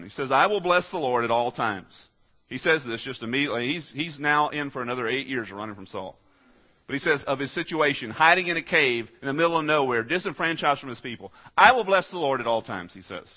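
Emphatic folksy preacher, slightly muffled. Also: male voice, medium pitch, big pitch swings, brisk. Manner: swings from quiet asides to loud exhortation. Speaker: pastor. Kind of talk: sermon.

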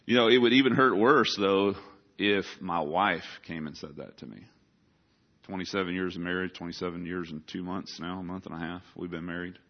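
A man delivers a sermon in a fairly low voice. He talks with his congregation like a conversation and asks them questions. The recording is dull and lo-fi. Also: fairly even intonation, a little fast. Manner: conversational preaching, asks the congregation questions, rises to urgent emphasis. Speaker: pastor. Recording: dull lo-fi sound.

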